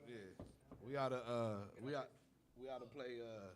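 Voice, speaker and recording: A man co-hosting a podcast, making halting, joking remarks full of fillers. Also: mid-range voice, fairly even intonation, crowd noise. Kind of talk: casual podcast banter.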